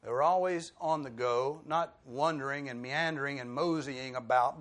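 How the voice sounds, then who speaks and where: A man's voice: mid-range voice, normal speed, hardly any pauses, fairly bright tone. A man preaching a sermon in a conversational way, with rhetorical questions and dry humor.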